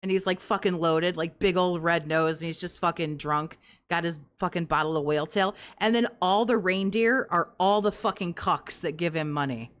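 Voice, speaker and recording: A woman's voice: fairly low pitch, moderate pace, hardly any pauses, fairly bright tone. Giggly foul-mouthed woman co-host. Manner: profane, giggly, lots of "like" fillers. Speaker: podcast co-host. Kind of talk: crude casual commentary over a stream.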